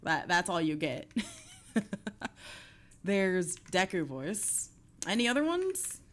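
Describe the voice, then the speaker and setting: A woman's voice: lowish voice, sing-song, takes it slowly, a bit bright, a little hiss or hum. A young woman streaming, chatting casually with her viewers, swearing offhand and laughing often.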